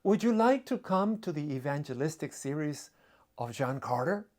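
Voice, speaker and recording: A man's voice: a little high, expressive, normal speed, a little mellow, natural voice. A man voicing a pious young woman who invites people door to door, polite and earnest.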